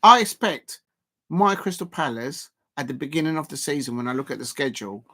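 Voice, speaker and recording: A man's voice: medium pitch, lively intonation, fast, fairly bright tone. A man hosting a casual football live stream, talking in a rambling, emphatic way with frequent restarts.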